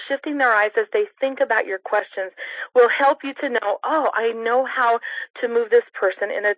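A woman's voice: on the high side, no room sound. A woman leading a sales training on a conference call, coaching in an upbeat way and demonstrating voice tones. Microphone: telephone. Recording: muffled dry phone-call audio.

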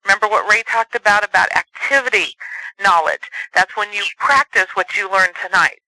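Male sales trainer, high and very bright voice, earnest coaching tone, dry close sound. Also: dry recording, poor audio. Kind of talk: motivational training talk.

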